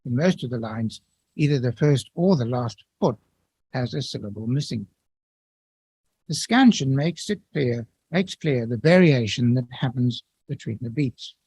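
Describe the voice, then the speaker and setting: A man giving an academic lecture in a measured, explanatory way, with occasional restarts. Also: medium pitch, lively intonation, darkish tone, husky, no echo, rough recording.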